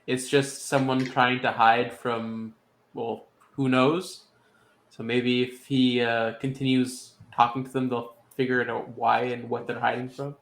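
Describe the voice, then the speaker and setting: A man's voice: medium pitch, little pitch movement, unhurried, creaky, a bit bright, a little hiss or hum. A man talking through his character's thoughts in a tabletop game, hedging and rambling. His voice rings with a roomy echo. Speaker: player. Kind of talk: casual chat in character discussion.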